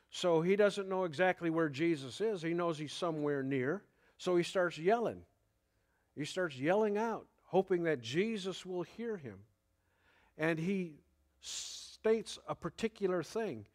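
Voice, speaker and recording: Male pastor, slightly high voice, slow and conversational sermon delivery. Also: animated. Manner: unhurried, conversational preaching with fillers and chuckles.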